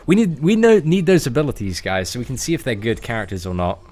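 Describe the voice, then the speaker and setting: A young man talks loosely and slangily to his viewers while he plays a game on stream. His voice sits at an ordinary, middling pitch, and he rambles from one thought to the next in a relaxed, chatty way. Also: fast. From England. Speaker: gaming livestreamer. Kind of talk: casual livestream chat.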